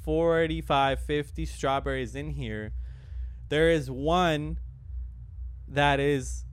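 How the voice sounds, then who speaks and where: A young man hosting a podcast in casual, joking chat, excitable and full of slang. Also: a little high, slow pace, clean tone. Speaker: podcast host.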